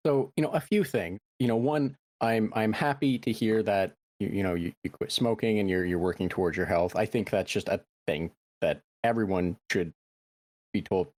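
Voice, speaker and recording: Thirties guy hosting a podcast, kinda low voice, rambly and relaxed, dry mic. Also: normal speed, dry recording. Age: 30s. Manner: relaxed, rambling with frequent fillers. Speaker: podcast host. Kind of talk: casual podcast chat.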